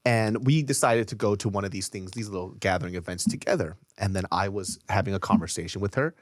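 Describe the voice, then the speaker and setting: A man's voice: sits low, fast, no room sound, clean studio sound. A man hosting a podcast, telling stories in casual, profane chat. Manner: profane, animated storytelling. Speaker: podcast host.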